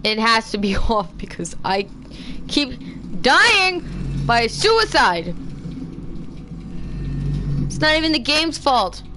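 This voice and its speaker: A woman's voice: a little high, very animated, slow, pauses often. A young woman streaming a horror game, reacting with shrieks and swearing at the game. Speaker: gameplay streamer. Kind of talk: live horror game commentary. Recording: audible background noise.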